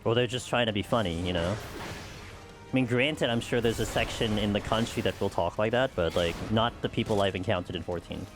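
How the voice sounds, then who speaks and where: With music playing under him, an American man with a lowish voice talks fairly quickly while streaming a game. His casual chat with viewers rambles, full of "like" and "you know."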